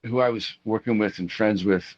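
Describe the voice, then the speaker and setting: A middle-aged man with a fairly low voice tells casual, rambling stories in an interview. He restarts often, leans on fillers, and animates the people he quotes. The audio is dull and lo-fi. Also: steady tone, brisk. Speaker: rock guitarist interviewee.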